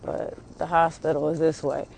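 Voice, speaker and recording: A woman's voice: deep voice, little pitch movement, moderate pace, creaky, darkish tone, a little hiss or hum. A young woman venting casually and angrily on a phone livestream outdoors, swearing often and rambling with many fillers.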